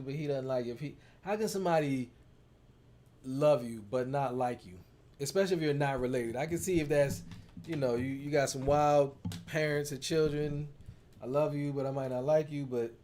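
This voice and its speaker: Playful casual man, mid-pitched. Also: a little mellow. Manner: casual, playful storytelling with acted-out quotes. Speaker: co-host, partner of the coach. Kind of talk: casual chat.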